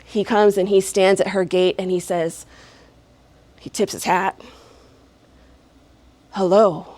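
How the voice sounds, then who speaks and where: A woman's voice: mid-range voice, flat delivery, a little slow, darkish tone, dry recording. A woman performing a live oral fairy tale for an audience, playful and chuckling, with folksy asides. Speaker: storyteller. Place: live stage before an audience.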